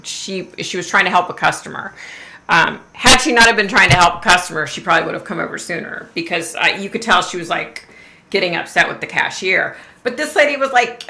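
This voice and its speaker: A woman's voice: fairly low pitch, vocal fry, bright, forceful tone. A middle-aged woman hosting a live stream, telling a story in a casual, chatty way, swearing freely and laughing often. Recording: roomy echo.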